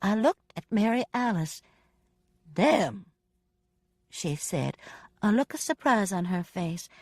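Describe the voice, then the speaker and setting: A woman narrating a first-person audiobook with expressive, dramatic storytelling. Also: medium pitch, unhurried, no room sound.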